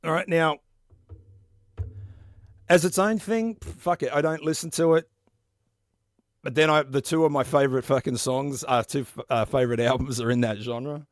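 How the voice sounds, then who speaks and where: A man in his forties hosting a stream, chatting casually and profanely in a rambling, animated way. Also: medium pitch, moderate pace, long pauses, dry recording, clean studio sound. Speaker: podcast host. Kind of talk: casual chat about metal albums.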